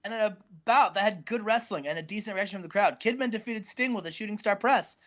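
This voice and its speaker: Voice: medium pitch, quick pace, fairly bright tone. Casual gaming streamer with a mid-range voice. Rambles and stumbles over repeated words. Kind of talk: casual game recap.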